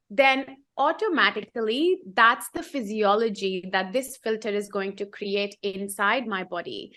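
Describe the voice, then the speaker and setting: A woman's voice: medium pitch, unhurried, few pauses, pushed and bright. A woman co-hosting a casual coaching chat, explaining in an earnest way and repeating phrases for emphasis. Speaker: co-host.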